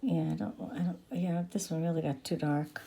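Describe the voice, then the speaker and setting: Lady showing off her crafts, warm mellow voice, keeps saying how gorgeous stuff is. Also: deep voice, normal speed, vocal fry, slight background noise. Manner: effusive, gushing over her work with soft exclamations. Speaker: craft tutorial host. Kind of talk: casual craft tutorial chat.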